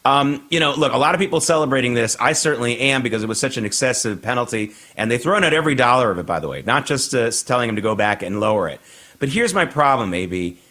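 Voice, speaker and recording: A man's voice: mid-range voice, lively intonation, fast, sharp tone. Emphatic male morning show host. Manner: emphatic, indignant. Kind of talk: opinionated news commentary.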